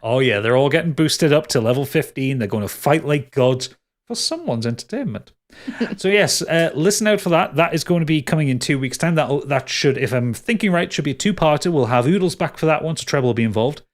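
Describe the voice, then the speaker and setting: Chatty man, lively voice. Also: fairly high pitch, fairly quick. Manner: rambling, lots of restarts and laughs, upbeat. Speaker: game master. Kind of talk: casual podcast outro chat.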